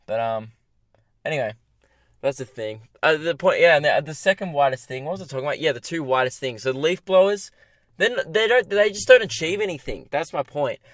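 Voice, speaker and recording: A man's voice: on the high side, lively intonation, fairly quick, dry recording. A young Australian man hosting a comedy podcast alone from a parked car, ranting in an exasperated, rambling, self-mocking way. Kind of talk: rambling solo podcast rant.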